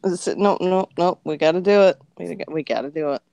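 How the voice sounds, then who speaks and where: A woman's voice: fairly low pitch, brisk, creaky, dark tone, dry recording, highs cut off. A woman co-host doing a playful, teasing mock advertisement read.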